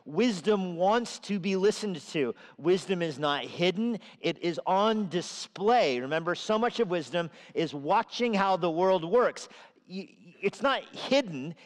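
A man's voice: high voice, big-room sound. A man preaching a sermon in a conversational way, sometimes acting out the voices he quotes. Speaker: pastor. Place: church sanctuary.

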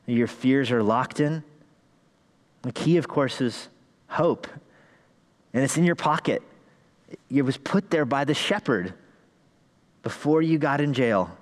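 Preacher with a long hall reverb. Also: male voice, medium pitch. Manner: rhetorical questions, rising emphasis. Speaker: pastor. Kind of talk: sermon. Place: church sanctuary.

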